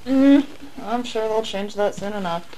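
A woman's voice: medium pitch, a little slow, warm tone, slight background noise, low-quality recording. A woman in her twenties co-hosting a casual podcast, blunt and playful and swearing freely. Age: 20s. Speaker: podcast co-host.

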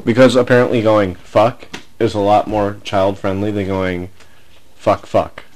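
Male co-host, lower pitch, argumentative explainer, casual swearing. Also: level tone, unhurried, a little mellow. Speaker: podcast co-host. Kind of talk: casual podcast chat.

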